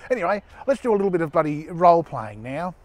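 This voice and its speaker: A man's voice: a little high, very animated, fast talker. A man with an Australian accent playing a crude, tough ex-criminal in a scripted comedy monologue, swearing heavily in a blokey drawl. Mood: brash. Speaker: comedy character.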